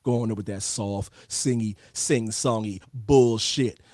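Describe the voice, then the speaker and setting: A man's voice: on the low side, a little slow, a little mellow, no room sound, clean studio sound. A man hosting a podcast, joking in casual banter and often cutting in over others. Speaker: podcast host.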